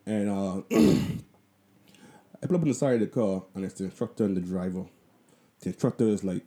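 Deep, dark-voiced Bahamian man. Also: a little fast, pauses often. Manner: profane, loose and conversational, with lots of asides. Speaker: vlogger. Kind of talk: casual storytelling.

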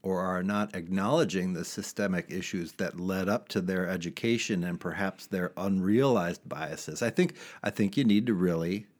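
A man with a low voice co-hosts a real estate podcast. He talks thoughtfully in a casual way and often restarts his sentences as he works through a point. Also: normal speed, hardly any pauses. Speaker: podcast co-host. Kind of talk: casual chat.

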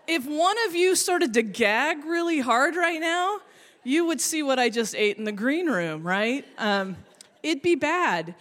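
A woman's voice: high-pitched, lively intonation, unhurried, fairly bright tone. A woman telling a comic story on stage, chatty and self-deprecating, with lots of fillers. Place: stage in a hall. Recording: reverberant hall.

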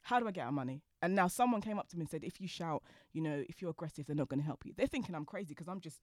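Fast-talking woman. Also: sits low, dry recording, studio quality. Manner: fast-talking, lively, laughs as she tells stories. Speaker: guest, designer. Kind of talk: animated storytelling in conversation.

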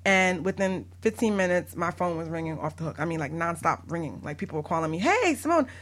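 A woman talks casually as a broker on a podcast. Her voice is bright and lively, and she laughs often as she tells stories. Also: fairly low pitch, fast. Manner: animated, laughs often, acts out callers. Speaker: barter exchange broker.

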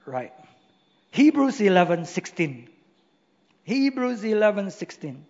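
A man's voice: sits high, big pitch swings, slow, a little mellow. A man preaching a sermon in a church, emphatic and full of rhetorical questions. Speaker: pastor. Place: church hall. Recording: long hall reverb, dull lo-fi sound.

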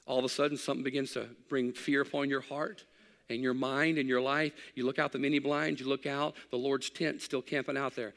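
Middle-aged pastor preaching, gravelly voice, goes from loud and fired up to real quiet, long church-hall echo. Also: male voice, mid-range voice, fast talker. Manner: swings between loud excited preaching and hushed quiet reflection. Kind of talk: sermon.

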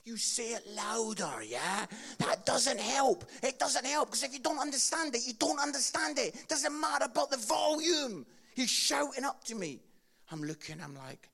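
A Scottish man preaching a sermon, telling funny stories with loud bursts and then dropping to quiet, earnest appeals. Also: very high-pitched, lively intonation, normal speed, vocal fry. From Scotland. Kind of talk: sermon with comic storytelling.

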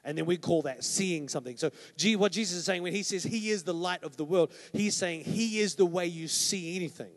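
A man's voice: high voice, a little fast, few pauses. A man preaching a sermon as pastor, conversational and emphatic, often checking in with "right?". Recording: long hall reverb.

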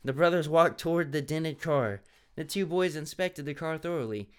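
Man reading a story aloud, playful, fairly high voice, smooth clear tone. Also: moderate pace. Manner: playful, laughing at the text. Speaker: story reader.

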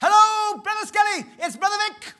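Shrill, shouting excitable preacher. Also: male voice, moderate pace, a little hiss or hum. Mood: eager. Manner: shouting, eager. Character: excitable adult male preacher on the phone.

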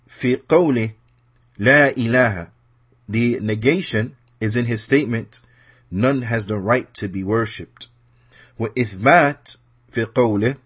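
A man with a husky, slightly breathy voice teaches a religious class in a mosque. He reads short passages in Arabic, then explains them in English. He repeats key phrases and keeps asking "what?" before answering himself. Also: mid-range voice, expressive, moderate pace, a bit bright.

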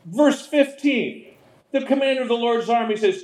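A man preaching a sermon as pastor, in a conversational, animated way, often slipping into voices. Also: very high voice, moderate pace. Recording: roomy echo.

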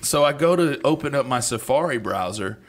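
A man's voice: mid-range voice, expressive, a little fast. A man co-hosting a casual radio chat show, telling stories animatedly and acting out both sides of phone calls. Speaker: co-host. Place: radio studio.

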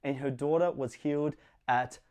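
A man's voice: medium pitch, fairly even intonation, moderate pace, a little mellow. Earnest conversational male preacher. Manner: earnest, conversational, with playful asides. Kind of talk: sermon.

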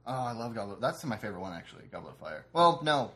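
Quick, joking young man hosting. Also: mid-range voice, big pitch swings, bright, forceful tone. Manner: joking, steers the talk. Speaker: podcast host. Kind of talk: casual chat among friends.

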